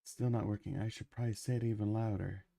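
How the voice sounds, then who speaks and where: A man's voice: lowish voice, steady tone, fast talker, creaky, dark tone, no room sound, clean studio sound. A man who is sick with a cough, chatting casually while he livestreams his animation work and rambling with lots of ums and uhs.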